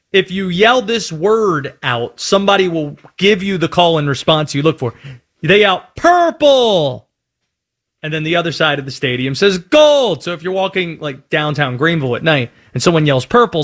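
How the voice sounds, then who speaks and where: Animated high-voiced sports radio host. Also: male voice. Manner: animated, playful rants. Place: radio studio.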